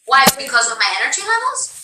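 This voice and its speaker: A woman's voice: high voice, big pitch swings, fast talker, roomy sound, recorded from a distance, noisy background. A woman streamer chatting casually with a guest, playful and joking.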